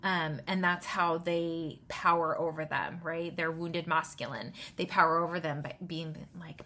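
A woman in her thirties with a slightly low voice, talking casually through self-help rules. Her delivery is loose and chatty, full of "um" and "like". She often ends a point with "right?" to check in with the listener. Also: fairly even intonation, unhurried, few pauses, bright, forceful tone, slight background noise. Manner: conversational, tags points with "right?"; loose, with many fillers. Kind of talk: casual advice talk.

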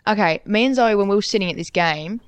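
A woman's voice: medium pitch, fast, smooth, no room sound. A young woman co-hosting a podcast, chiming in casually to correct and add details. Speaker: podcast co-host. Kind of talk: casual chat.

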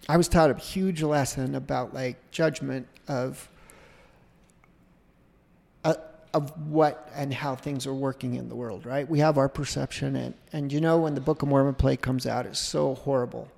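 Gravelly middle-aged man telling a rambling story. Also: medium pitch, unhurried, in a large hall. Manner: rambling, animated anecdote with self-interruptions. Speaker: podcast guest. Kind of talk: casual storytelling.

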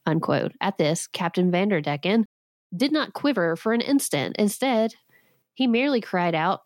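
A woman's voice: medium pitch, expressive, moderate pace, no room sound, clean studio sound. A woman in her thirties hosting a podcast, retelling a legend with sarcastic comic asides and frequent laughs. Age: 30s. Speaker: podcast host.

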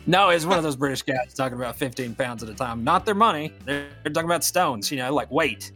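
Bright-voiced man rambling on a podcast. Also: mid-range voice, expressive, fast talker, soft background music. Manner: rambling, many fillers and restarts, teasing. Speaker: podcast co-host. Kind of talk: casual podcast banter.

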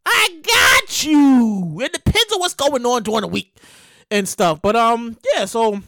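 A man hosting a solo comedy podcast, ranting excitably and loudly, stammering and acting out quotes. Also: extremely high pitch, moderate pace, creaky, no room sound, studio quality. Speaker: podcast host.

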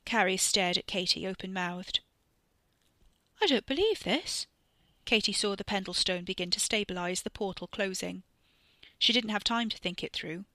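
A woman reads a scripted story in a measured, steady way. Her voice is bright, and the recording is dry and close. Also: medium pitch, no echo. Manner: measured, reading with acted dialogue. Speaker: narrator.

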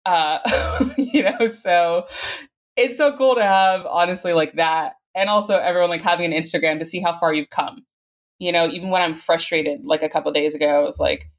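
A woman's voice: lowish voice, fairly quick. A woman in her thirties, a podcast guest, talking casually and enthusiastically with many "like"s. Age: 30s. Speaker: guest, content creator. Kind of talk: podcast interview.

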